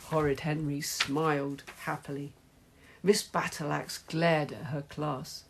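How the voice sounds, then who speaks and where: Slow, low-voiced woman storyteller. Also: level tone, a little hiss or hum. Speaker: narrator. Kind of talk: storybook reading.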